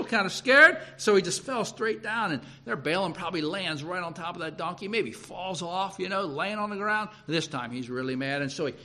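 Male preacher, storytelling sermon, high lively voice that swings up and down. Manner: animated, repeats himself and restarts, chuckles.

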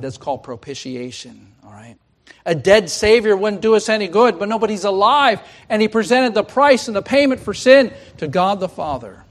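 A man delivers a fervent sermon in a slightly higher-than-average voice. He surges into loud, emphatic declarations, then drops to a hushed, near-whispered appeal, pressing the same questions again and again. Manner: repetitive pleading questions. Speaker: preacher.

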